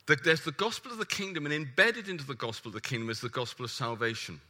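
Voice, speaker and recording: A man preaching a sermon, emphatic and animated, putting questions to the congregation. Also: medium pitch, fast, few pauses.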